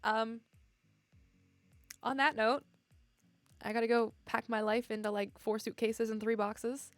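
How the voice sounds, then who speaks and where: Young woman streamer saying bye to chat, kinda high voice, laughs a lot, emotional, dry close mic w/ faint music behind. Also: level tone, unhurried, dry recording. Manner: emotional, laughing often, talking directly to chat. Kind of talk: casual goodbye stream chat.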